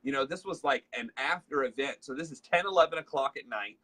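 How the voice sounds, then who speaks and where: A chatty man hosts a casual leadership talk. His voice is bright and a little husky. He tells stories loosely, full of fillers, and acts out the lines of the people in them. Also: medium pitch, brisk. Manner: chatty storyteller, acts out dialogue, many fillers. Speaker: host.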